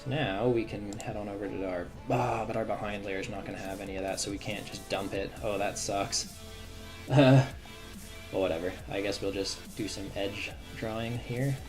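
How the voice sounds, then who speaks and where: A man's voice: fairly even intonation, normal speed. A man streaming live as a game developer, chatting casually and thinking aloud as he works, with lots of fillers and restarts. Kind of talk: casual livestream commentary while working. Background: faint drum and bass music.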